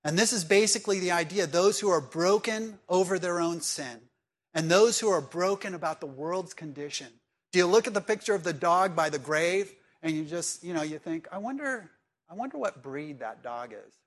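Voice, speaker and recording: A man preaching a sermon in a conversational way, asking his listeners direct questions and moving between emphatic and hushed delivery. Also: high voice, moderate pace. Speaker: pastor.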